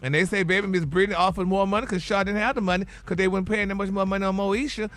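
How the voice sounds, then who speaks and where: A man's voice: high-pitched, fairly even intonation, very fast, a bit bright. A man dishing celebrity gossip on a morning radio show, sassy and calling everyone honey and baby. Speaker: radio co-host, gossip segment.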